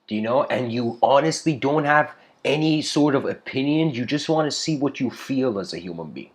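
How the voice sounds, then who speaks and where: Chill guy lecturing, rambly, keeps saying you know, mid pitch voice. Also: lively intonation, normal speed. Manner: rambling, laid-back, says "you know" constantly, laughs often. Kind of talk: casual spoken lecture.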